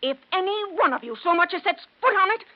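A vengeful, spiteful mayor's wife hisses cold threats in a high voice. It is a 1940s radio drama, and the old recording sounds dull. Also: female voice, lively intonation, quick pace. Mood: menacing.

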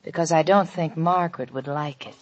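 A woman's voice: low-pitched, a little fast, muffled recording, over loud music, lightly acted. An actress playing an evasive young newlywed wife who brushes off her husband breezily, in 1940s radio acting. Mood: coaxing. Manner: breezy, dismissive, coaxing.

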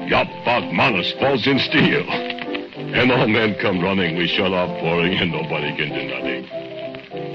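An actor playing a brooding, menacing male foundry laborer who speaks slow broken English, in 1940s radio acting on a muffled old recording with music. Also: extremely low pitch.

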